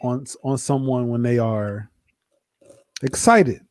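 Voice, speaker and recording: A man's voice: medium pitch, slow, darkish tone, no echo, studio quality. A man co-hosting a casual live review chat over a video call, joking, teasing and playfully apologizing. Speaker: co-host.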